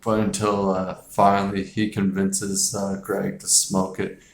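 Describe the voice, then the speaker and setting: A man casually reviewing a film, halting with many filler words and chuckles. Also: sits low, completely flat delivery, creaky, a little hiss or hum. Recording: echoey room.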